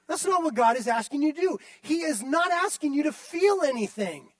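A man's voice: very high-pitched, expressive, a little fast, few pauses, dry recording. A male pastor delivering a sermon, emphatic and repetitive, often turning to the listeners directly.

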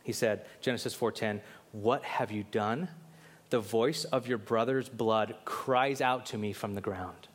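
This sermon comes from a man who is a pastor. He alternates booming, pointed questions with low murmured lines and slips into short impressions of biblical characters.

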